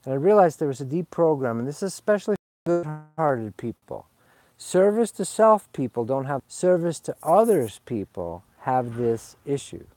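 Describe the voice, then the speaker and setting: A man raised in Sweden talks in a loose, meandering monologue, wandering off mid-sentence and circling back. His voice is dark and relaxed, and a slightly tipsy looseness runs through his talk. He speaks outdoors in a garden. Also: fairly high pitch, normal speed, no room sound. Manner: meandering, digressive, confessional. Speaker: spiritual vlogger. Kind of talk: rambling casual monologue. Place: outdoors in a garden under a fruit tree.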